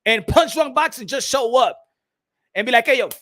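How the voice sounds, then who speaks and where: A boxing host on a live stream with a very high, bright and forceful voice. He rants in an animated, profane way, stumbling into restarts and firing off rhetorical questions. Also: moderate pace. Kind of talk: live-streamed ranting commentary.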